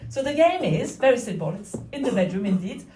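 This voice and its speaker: Stand-up, woman, 40s, slightly high voice, dry mock-innocent delivery; roomy distant mic, crowd laughing. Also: big pitch swings, brisk, dark tone, slight background noise. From France. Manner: wry, mock-innocent, rhetorical asides. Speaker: stand-up comedian. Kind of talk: stand-up comedy set. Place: comedy club stage. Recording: echoey room, mic at a distance. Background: audience laughter.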